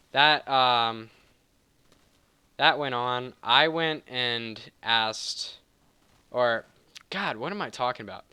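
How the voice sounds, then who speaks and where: Over his gameplay commentary, this man spins a heated, meandering personal tale, swearing casually and often backing up to fix what he just said. He's a gaming channel host whose mid-range voice sounds clean, pushed, and bright, with no room sound at all.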